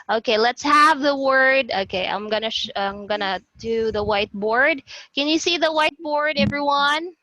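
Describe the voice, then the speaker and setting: A woman's voice: high voice, normal speed, bright, forceful tone, dry recording, muffled recording. A woman with a Filipino accent teaching an online class over a video call. She mixes English and Cebuano and drills words by repeating them.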